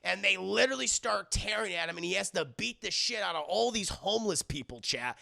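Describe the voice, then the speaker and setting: Gravelly high-voiced man recapping a show. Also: animated, fairly quick, sharp tone. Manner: retells scenes in loose put-on voices, swears freely. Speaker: streamer reviewing an anime episode. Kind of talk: casual recap to live chat.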